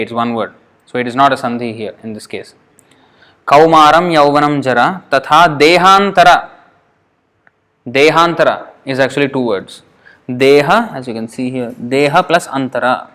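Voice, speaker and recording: Guy teaching verse pronunciation, patient, kinda halting, repeats words slow. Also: medium pitch, a bit bright. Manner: halting, with fillers and self-corrections. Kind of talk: classroom lesson.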